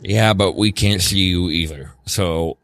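A man's voice: deep voice, measured pace, a bit bright. A young man playing a tabletop game, talking hesitantly and doubtfully with stumbling restarts. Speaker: player. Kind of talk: casual game chat.

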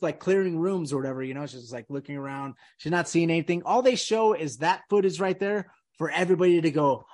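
High-voiced man ranting on a podcast. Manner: rambling, emphatic, says dude and man a lot. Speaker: podcast host. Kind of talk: casual conspiracy podcast chat.

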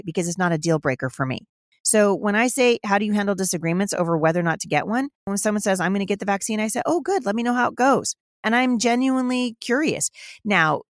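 A woman's voice: lowish voice, dry recording. A woman in her forties hosting a podcast from her home studio, answering listener questions in an emphatic, opinionated monologue that keeps addressing listeners as "you guys". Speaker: podcast host.

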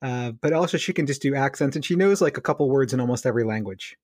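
Male podcast co-host, mid-pitch, animated and laughing, dry close sound. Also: fast talker, breathy edge, no echo. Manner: animated, laughing storyteller with many fillers. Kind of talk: casual storytelling chat.

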